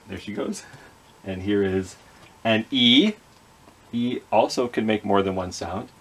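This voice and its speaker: Slow, patient man teaching phonics. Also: fairly low pitch, gravelly, a little hiss or hum. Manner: patient, sounding out letters slowly; gently apologetic with the puppets. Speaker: children's librarian. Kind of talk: children's reading skit with puppets.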